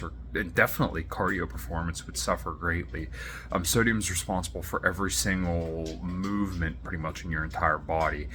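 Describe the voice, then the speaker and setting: Male host, very low voice with a bright edge, easygoing off-the-cuff ad read, faint background noise. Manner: relaxed, many ums. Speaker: podcast host reading an ad. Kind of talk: casual sponsor read.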